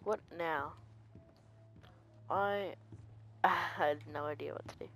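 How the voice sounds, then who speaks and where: A game player giving quiet let's-play commentary, talking softly and easily startled. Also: medium pitch, takes it slowly, creaky, soft background music.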